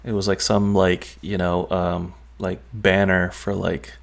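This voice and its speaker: A man with a lowish voice tells a long story in a loose, rambling way. He leans on fillers and trails off between phrases, chatting casually. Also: flat delivery, unhurried, creaky. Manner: rambling, heavy on "like" and "um". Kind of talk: casual chat, recounting a dream.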